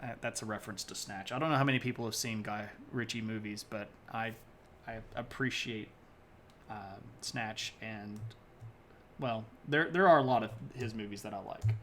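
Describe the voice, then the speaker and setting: A man's voice: lowish voice, normal speed, a bit bright, a little hiss or hum. A man giving a casual, joking history talk on a live stream, rambling with lots of fillers and stopping to greet viewers in chat. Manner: loose and rambling with many fillers.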